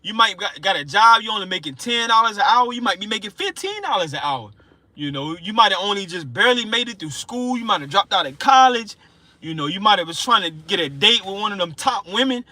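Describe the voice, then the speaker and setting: A man preaching an informal sermon, fervent and emotional, repeating himself and slowing down to read scripture aloud. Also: high voice, pushed and bright, no echo. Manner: emotional, fervent, repetitive, slows down reading scripture. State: excited and sweating.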